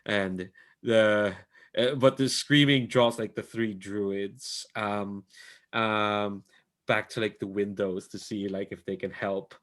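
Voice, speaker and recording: A man's voice: fairly low pitch, steady tone, slow, fairly bright tone. A man running a tabletop game as game master, rambling with many fillers and laughing often. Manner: rambling, full of ums and likes, laughs often. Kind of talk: casual tabletop game narration.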